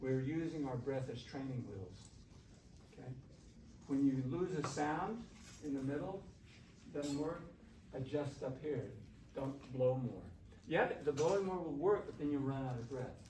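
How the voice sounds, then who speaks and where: A man's voice: medium pitch, animated, measured pace, darkish tone. A man teaching a shakuhachi workshop in a classroom, coaxing and conversational, often asking the class questions. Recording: roomy, from far off, faint hiss.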